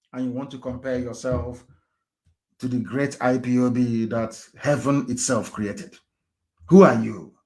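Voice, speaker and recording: A man giving a confrontational live broadcast speech. He swings between shouting and low, intense delivery and repeats phrases for emphasis. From Nigeria. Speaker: broadcaster addressing listeners.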